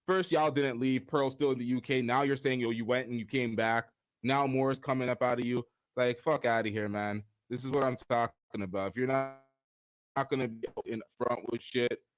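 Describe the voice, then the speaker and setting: A man's voice: mid-range voice, fairly even intonation, moderate pace. A man co-hosting a live stream. He reads out chat comments and answers them bluntly, with a lot of swearing.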